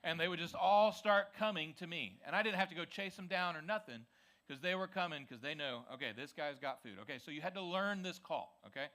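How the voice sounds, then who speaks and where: A man preaching a casual, energetic youth sermon, talking with the students and checking in with them often. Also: on the high side, a little fast. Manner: energetic, conversational, frequent "okay?" check-ins. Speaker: youth pastor. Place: church youth service.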